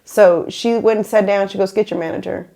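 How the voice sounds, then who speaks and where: A woman's voice: medium pitch, brisk. Woman podcast host, casual storyteller who keeps slipping into voices. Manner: animated, acts out quoted people.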